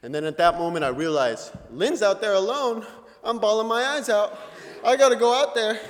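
A man's voice: high voice, a little fast. A young man, a student, telling a story at a talk in a large hall, laughing often and acting out what people said. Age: young adult. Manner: animated storyteller, laughs often, acts out quotes. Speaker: student presenter. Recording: noisy hall recording, long reverb.

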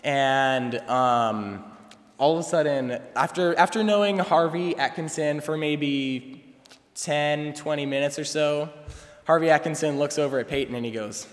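A man's voice: on the high side, a little slow. A young male student telling a personal story at a chapel service, casual and rambling with lots of fillers and restarts. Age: young adult. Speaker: student speaker. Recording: long reverb from a chapel hall.

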